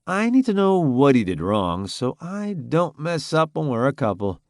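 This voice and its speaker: In an audiobook, a man voices a cocky, joking young man full of mocking banter, pitching his medium voice above his natural one with big pitch swings at a moderate pace. The studio sound is clean, with no room sound.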